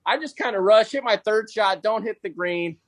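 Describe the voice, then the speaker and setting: A man's voice: sits high, normal speed, dry recording. A man who plays golf professionally, telling a story as a podcast guest in a laid-back, casual way, full of "dude" and "bro". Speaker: podcast guest, pro golfer.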